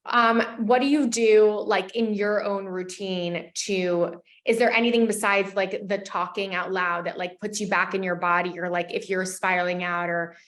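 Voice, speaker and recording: A woman hosting a podcast, asking questions in a relaxed, chatty way full of "like". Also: medium pitch, moderate pace, few pauses. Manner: chatty, lots of filler "like". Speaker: podcast host. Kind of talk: casual interview chat.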